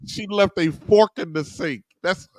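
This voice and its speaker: A man, a guest in casual conversation, telling a long rambling story in an animated way. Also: sits high, a little slow, no echo, studio quality.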